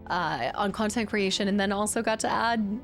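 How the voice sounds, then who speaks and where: A woman livestreamer chatting casually while playing a game, gushing and excitable, thanking viewers by name. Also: medium pitch, moderate pace, faint music behind. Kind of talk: casual game stream chat.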